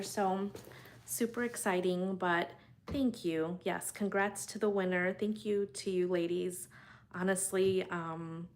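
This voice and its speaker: A woman's voice: lowish voice, steady tone, slow pace, slight background noise. A woman in her thirties, a mother hosting her own channel, rambling chattily to viewers on a casual live stream from her bedroom. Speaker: channel host.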